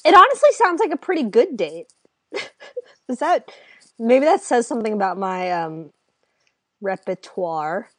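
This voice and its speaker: A woman hosting a casual comedy chat, tossing in wry, deadpan quips. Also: a little high, a little slow, long pauses, dry recording.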